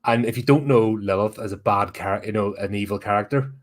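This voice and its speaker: A man's voice: on the low side, brisk. A man hosting a horror podcast, giving a blunt, sweary and exasperated casual film review.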